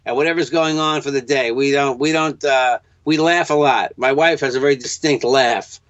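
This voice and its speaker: A man's voice: medium pitch, moderate pace, fairly bright tone, no echo. A man from Long Island with a New York accent, chatting as a podcast guest in a rambling, restarting way. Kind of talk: casual podcast chat. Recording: dull lo-fi sound.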